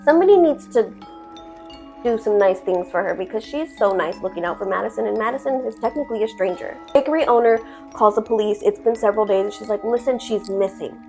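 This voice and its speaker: A woman's voice: mid-range voice, lively intonation, quick pace, darkish tone, soft background music. Profane, dramatic woman storyteller. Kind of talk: casual horror storytime.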